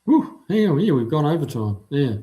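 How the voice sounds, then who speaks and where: A man's voice: a little high, very animated, moderate pace, mellow. A middle-aged man from New Zealand with a New Zealand accent, casually chatting as he reads out viewer comments on his livestream, laid-back with frequent ums. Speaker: livestream host reading chat. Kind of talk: casual chat.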